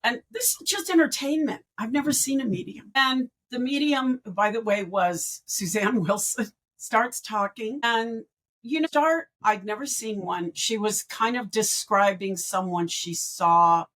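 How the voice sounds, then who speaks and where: A middle-aged woman, an end-of-life doula and grief educator, telling her personal story as a guest in a podcast interview over a video call, animated and quick to act out what people said. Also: a little high, poor audio. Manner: animated storyteller who acts out quoted speech.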